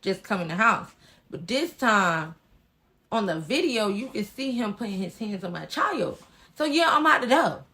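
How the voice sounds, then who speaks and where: Sassy, animated woman telling a story. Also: a little high, moderate pace. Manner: animated, emphatic storytelling that swings between loud outbursts and hushed asides; blunt and sassy with frequent slang. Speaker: vlogger telling a personal story. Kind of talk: casual storytime vlog.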